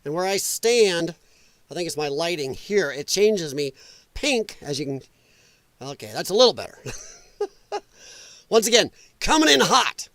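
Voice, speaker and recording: A man's voice: sits high, sing-song, a little slow, pauses often, a bit bright, no room sound. A man hosting a live political talk stream from home, rambling and sarcastic in a casual commentary style. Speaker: political livestream host.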